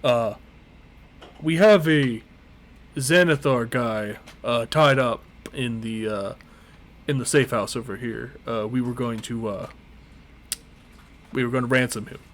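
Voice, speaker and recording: Man putting on a surrendering bandit, louder and higher than usual, offhand, rambling, tabletop game voice. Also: unhurried, pauses often, slight background noise, natural voice. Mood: breezy. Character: captured bandit man, cheerful and giving up.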